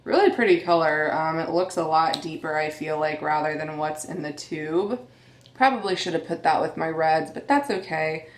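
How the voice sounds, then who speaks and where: A woman's voice: low-pitched, moderate pace, roomy sound. A woman in her thirties, a beauty vlogger chatting candidly to viewers at home. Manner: chatty, candid, addresses viewers as you guys. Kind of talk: casual chat.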